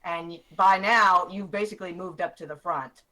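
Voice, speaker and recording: A man running a tabletop game as game master, narrating in a brisk, matter-of-fact way. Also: high voice, steady tone, sharp tone, rough recording.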